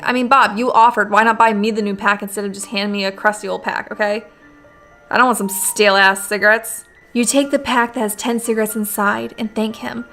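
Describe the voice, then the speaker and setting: A woman's voice: mid-range voice, little pitch movement, fairly quick, pushed and bright, faint music behind. A young adult woman hosting a gaming video, reading a horror story aloud with chatty, sarcastic commentary and casual swearing. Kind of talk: let's play commentary.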